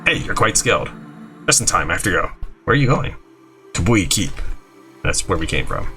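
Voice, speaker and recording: Soft music runs under a gaming YouTuber reading out a video game's lines at a moderate pace. His voice is low, and he's animated, jumping from character voices to asides.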